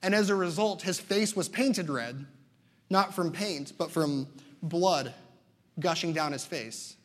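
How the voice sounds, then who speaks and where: A young man preaches from the pulpit, telling stories with lively emphasis and a slightly high voice. His words ring out with a long hall reverb behind them. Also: slow. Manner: animated storytelling preacher. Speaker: pastor. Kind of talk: sermon.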